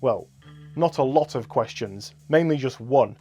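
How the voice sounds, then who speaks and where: A man reads out a scripted comedy roundup in a flat, deadpan tone. His sarcasm stays dry and understated, and his voice sits at an ordinary middle pitch. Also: measured pace, breathy edge, faint music behind. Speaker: comedic commentator.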